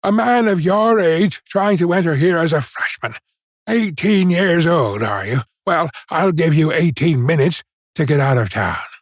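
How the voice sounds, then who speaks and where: A man reading an audiobook, putting on a stern, indignant college registrar who shouts at a visitor to get out, in a voice pitched well above his own. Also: animated, moderate pace, husky, no room sound, clean studio sound. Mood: scornful.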